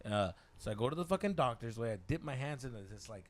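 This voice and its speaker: A man's voice: medium pitch, fast. A man telling a story on a podcast, swearing freely and dropping Spanish slang. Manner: profane, animated, slips into Spanish slang. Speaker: podcast host. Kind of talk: casual storytelling chat.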